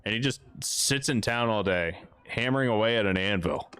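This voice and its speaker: A man's voice: on the low side, moderate pace, a bit bright, clear, resonant tone. A man hosting a livestream, rambling and joking crudely while he plays. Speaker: livestream host. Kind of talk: casual gaming commentary.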